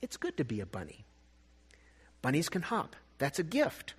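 A man voicing a small, lonely young male bunny who speaks in a tearful, pleading way with a husky tone. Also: huge pitch swings, moderate pace, exaggerated voice. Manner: tearful, pleading, rising high. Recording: long reverb.

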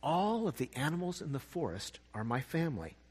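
Man doing a high, husky little boy bunny, lonely and weepy, long reverb. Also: big pitch swings, brisk. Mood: tearful. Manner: tearful, pleading, rising high. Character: small sad lonely young bunny, male.

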